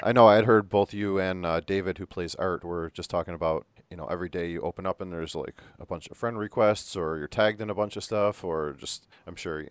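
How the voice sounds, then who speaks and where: A man's voice: deep voice, clean tone, dry recording. A man hosting a horror podcast, chatting loosely with plenty of fillers and the odd swear word. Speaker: podcast host. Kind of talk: casual podcast interview.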